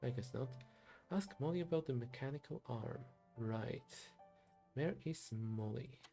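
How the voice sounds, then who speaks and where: A man streaming a story game, softly thinking aloud to himself as he plays. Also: medium pitch, a little slow, faint music behind. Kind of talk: quiet game commentary.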